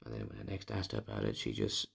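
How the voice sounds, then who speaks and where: Gravelly, husky man confiding. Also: extremely low pitch, sing-song, quick pace. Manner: candid and bitter, swears freely, often drops to a hushed murmur. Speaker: vlogger. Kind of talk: confessional personal vlog monologue.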